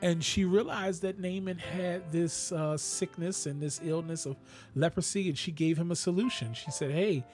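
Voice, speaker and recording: A man's voice: fairly high pitch, normal speed, a little mellow, soft background music. A man preaching a radio sermon, talking straight to his listeners and rising to sudden exclamations.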